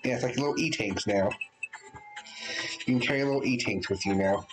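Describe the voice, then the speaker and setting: A man's voice: mid-range voice, brisk, low-quality recording. A man hosting a let's play, casually reading game text aloud and chatting as he plays. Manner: relaxed, chatty, thinks aloud with restarts. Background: game music.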